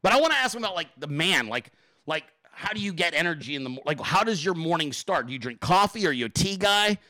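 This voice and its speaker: A man hosting a casual solo talk show, excitable and rambling, swearing freely and full of fillers. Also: fairly high pitch, fast talker, no room sound. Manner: excitable, profane, rambling with many fillers and laughs. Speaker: podcast host.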